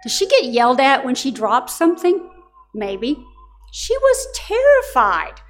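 Woman preaching with faint music. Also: fairly high pitch. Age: middle-aged. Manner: storytelling, earnest and direct. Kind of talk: sermon.

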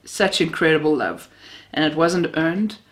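A woman's voice: low-pitched, a little slow. A woman from Namibia, preaching a sermon built on personal stories, heartfelt with a self-mocking sense of humor.

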